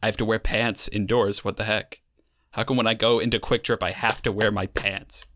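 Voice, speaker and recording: A young man with a lowish voice, recorded close and dry, chatting on a podcast. He talks in a wry, sarcastic way and rambles easily through his stories. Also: little pitch movement, moderate pace, a bit bright, no echo. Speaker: podcast co-host. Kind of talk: casual chat.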